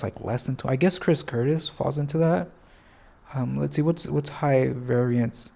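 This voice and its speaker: Gravelly, congested man thinking aloud. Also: mid-range voice, mellow. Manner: thinking aloud, hesitant, self-correcting. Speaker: fantasy sports tutorial host. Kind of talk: casual screen-share tutorial.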